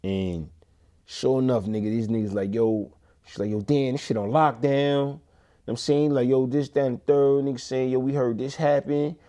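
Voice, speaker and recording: A man's voice: medium pitch, normal speed. A man from the Bronx with a New York accent, telling his story in a rambling, casual way and acting out what others said. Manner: rambling, full of fillers and restarts; acts out others' lines in animated voices. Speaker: interview guest, former inmate.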